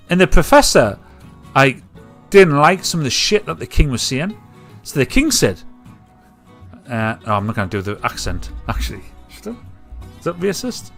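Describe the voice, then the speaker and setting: A man chats loosely on a live show, wandering off on tangents and swearing all the while. His voice sits a little high and jumps around a lot in pitch. Soft guitar music plays faintly underneath. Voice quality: rambling, sweary, animated. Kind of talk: casual live-stream chat.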